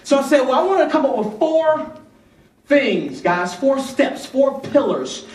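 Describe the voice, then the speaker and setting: High-voiced man rallying a hall. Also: measured pace. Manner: energetic, rhythmic, rallies the crowd. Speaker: youth motivational speaker. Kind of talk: motivational speech with call-and-response. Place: large conference hall. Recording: echoey hall from far off.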